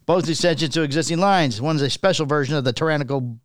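A man's voice: on the high side, fast talker, dry recording. Dry-miked man reading cigar news. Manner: reads news items aloud, stumbling over names. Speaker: podcast co-host reading the news. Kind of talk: casual podcast chat.

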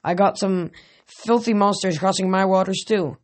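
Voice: mid-range voice, steady tone, moderate pace, close to an everyday voice. A scruffy, bearded male river god who grumbles, scoffs and sulks, as an audiobook reader puts him on. He sounds put-upon and surly. The voice sits slightly below the reader's own narration. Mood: grumbling. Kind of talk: audiobook reading.

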